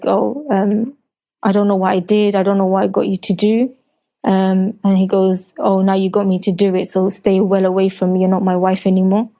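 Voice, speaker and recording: A woman in her thirties speaks with a London accent, her voice mellow and low in brightness. She talks in a flat, even way, stumbling and restarting as she recounts her story to an interviewer. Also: poor audio. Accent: London English. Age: 30s. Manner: hesitant, many restarts and fillers; recounts quotes in a flat retelling voice. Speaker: guest. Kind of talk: personal testimony in an interview.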